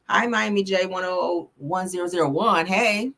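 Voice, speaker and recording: A woman's voice: on the low side, moderate pace, a bit bright. A woman hosting a casual live stream, a little tipsy, chatting and swearing freely and calling her viewers honey and child. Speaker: host of a live gossip stream.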